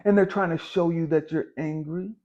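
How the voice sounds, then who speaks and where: A man's voice: a little high, fairly even intonation, moderate pace, a little mellow. A man giving a blunt, profane spiritual motivational monologue, repeating his points for emphasis. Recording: dull lo-fi recording.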